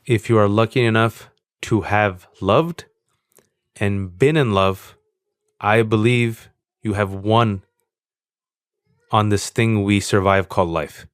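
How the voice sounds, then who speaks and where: A man's voice: fairly low pitch, takes it slowly, long pauses, clean tone, no echo, clean studio sound. Earnest, self-mocking man in his forties. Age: 40s. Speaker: podcast guest. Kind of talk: candid conversational interview.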